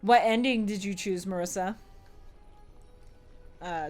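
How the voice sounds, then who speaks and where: A woman game streamer who reads in-game lore entries aloud in a quiet, even voice and chats animatedly with her viewers. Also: mid-range voice, normal speed, faint music behind. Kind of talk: casual live-stream chat and reading game lore aloud.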